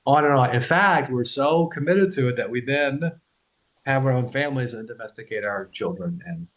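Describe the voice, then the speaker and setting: On a podcast, a host talks loosely while explaining things, swearing, laughing and repeatedly asking "right?". He has an expressive mid-range voice at normal speed, and the audio is poor.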